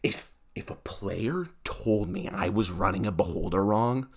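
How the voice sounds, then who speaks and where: A man's voice: fairly low pitch, big pitch swings, a little slow, vocal fry, a little mellow, breathy edge. A young man hosting a solo podcast, ranting in a heated, exasperated way with sarcastic asides. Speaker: podcast host.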